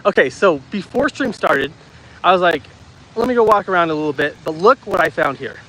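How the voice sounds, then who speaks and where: Walking through a city park, a thirtysomething man livestreams casually, reading viewer comments aloud and chatting with them via the phone in his hand. His high, bright voice is expressive and a little fast, with slight background noise and rough audio.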